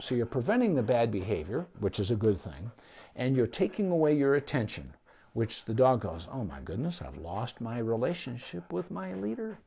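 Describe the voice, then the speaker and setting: A middle-aged male veterinarian gives relaxed, practical advice on training a dog. His delivery is folksy and conversational, and he keeps checking in with listeners with a quick "okay?". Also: mid-range voice. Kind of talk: casual instructional talk to camera.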